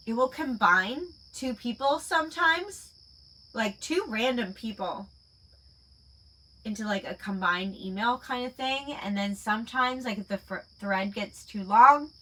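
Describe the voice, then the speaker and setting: A woman chatting casually on a late-night stream, her voice bright and clear. She takes her time, drifting through her thoughts with plenty of "like" and "um" along the way. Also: fairly high pitch, poor audio. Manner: rambling, full of "like" and "um". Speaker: online shop owner hosting a live chat stream.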